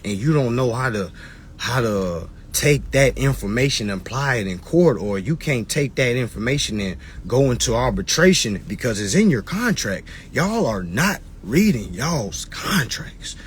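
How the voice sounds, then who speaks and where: A man's voice: medium pitch, big pitch swings, a little slow, slight background noise. A man lecturing his live-stream followers in casual, preachy talk, repeating his points and mocking people in put-on voices. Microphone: phone on a live stream.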